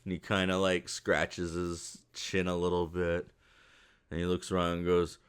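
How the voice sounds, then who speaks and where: Man game master, low and smooth, loose rambling narration. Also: completely flat delivery, a little slow. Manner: rambling, filler-heavy narration.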